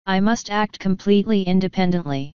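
A woman voicing a calm, prim male government inspector who speaks precisely and formally. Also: medium pitch, a little fast, clear, resonant tone, dry recording, lo-fi sound, close to an everyday voice.

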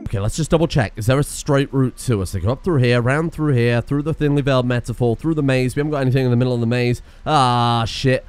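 A man's voice: mid-range voice, quick pace, hardly any pauses. A man casually commentating his own gameplay, breaking into exclaims and laughter. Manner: excitable, laughs and exclaims in bursts. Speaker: gaming video host.

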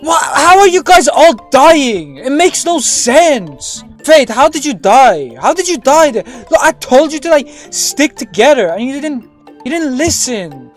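A woman's voice: big pitch swings, measured pace, soft background music. A woman putting on the voice of a cranky, bossy young boy who whines and bosses teammates around in game voice chat. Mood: whiny. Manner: whiny, bossy, shrill outbursts. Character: cranky bossy young boy gamer, whiny, easily upset. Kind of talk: voice chat during an online shooter game.

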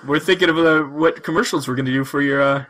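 A man's voice: fairly high pitch, fast talker, a crowd in the background. A man from Ontario co-hosting a podcast in casual chat, joking and laughing often. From Ontario, Canada. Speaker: podcast co-host.

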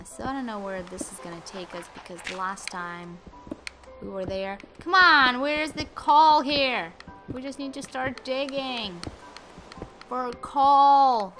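A woman giving casual gameplay commentary, chatting to viewers and talking to the game with sudden exclamations, sounding a little under the weather. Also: a little high. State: slightly sick. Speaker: gaming YouTuber.

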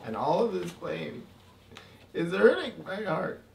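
A man's voice: high voice, big pitch swings, measured pace, vocal fry, distant mic. A man playing a character in a murder mystery party game, in a playful, giggly, teasing way. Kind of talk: in-character improv among friends. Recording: echoey room, off mic, faint noise.

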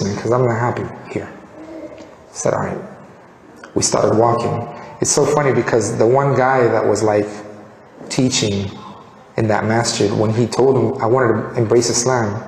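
A man from Colombia tells his life story in an earnest, animated way and voices the people he quotes. His speaking pitch sits in the middle range. He is recorded in a reverberant room with a long, echoing tail. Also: normal speed, creaky, a little hiss or hum. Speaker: convert telling his story. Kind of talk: personal testimony.

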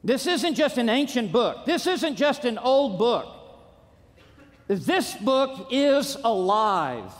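A man preaching a conference sermon, driving his points home with punchy repetition and rising to shouts. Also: very high voice, big pitch swings, slow. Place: large auditorium. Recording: long reverb of a large hall.

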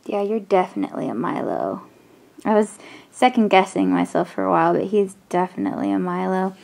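A woman's voice: mid-range voice, lively intonation, a little slow, vocal fry, long pauses, a little mellow. Awestruck woman gushing in whispers. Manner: gushing, breathless exclamations, whispers in awe. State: shaking with excitement. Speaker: vlogger. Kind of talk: excited unboxing vlog, often whispering.

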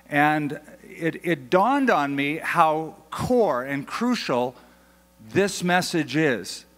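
An older American pastor preaching a sermon in a conversational, emphatic way, slowing down to stress key phrases. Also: male voice, fairly high pitch, fairly bright tone. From United States. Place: large church hall. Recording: long hall reverb.

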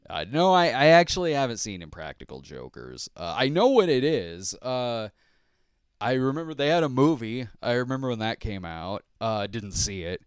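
A man's voice: medium pitch, big pitch swings, moderate pace, a bit bright, clear, resonant tone, no echo. Man, 50s, podcast host, casual rambling chat, self-deprecating, chuckles often, dry close sound. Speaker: podcast host and movie reviewer. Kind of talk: casual podcast chat answering viewer questions.

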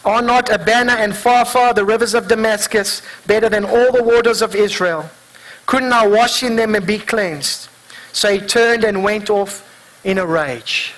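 A pastor with a notably high voice preaches to his congregation in church. He presses them with earnest rhetorical questions. He slows down and lays weight on each word when reading scripture. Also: fairly bright tone, low-quality recording. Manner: reads scripture slowly and deliberately. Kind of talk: sermon.

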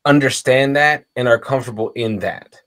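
A man's voice: medium pitch, steady tone, moderate pace, a bit bright. An American man co-hosting a reaction video, chatting casually and swearing freely, calling people dude and bro. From United States. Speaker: reaction channel co-host. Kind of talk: casual chat.

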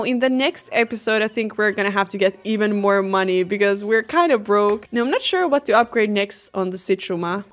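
Excitable young woman. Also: fairly high pitch. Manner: chatty, excitable, talks to chat. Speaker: gaming streamer. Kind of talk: casual let's-play commentary. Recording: faint game music behind.

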